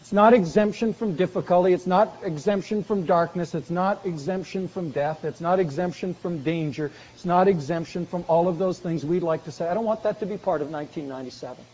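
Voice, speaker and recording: Man, preacher, sermon, high voice, earnest, slows for emphasis, muffled lo-fi sound. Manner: earnest preaching, slowing for emphasis and dropping soft on key phrases. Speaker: pastor. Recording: dull lo-fi recording in a reverberant hall.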